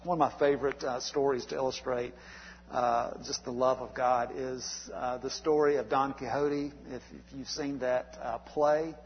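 Male pastor preaching a sermon, casual and halting with frequent fillers, in a dull recording with long reverb. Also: mid-range voice, fairly even intonation, slight background noise. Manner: conversational preaching with frequent uhs and restarts.

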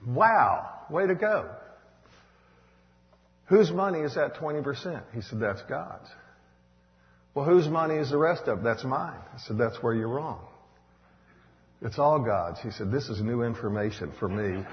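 Man preaching; big swings from shouts to hushes, long hall reverb, slightly muffled. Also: medium pitch, animated, moderate pace. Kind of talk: sermon. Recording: dull echoey hall recording.

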